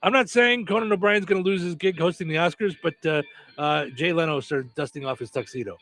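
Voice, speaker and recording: A man with a voice on the high side, slightly bright, talks a little fast over soft background music while hosting a radio show. He reads news headlines and caps each one with a wisecracking joke.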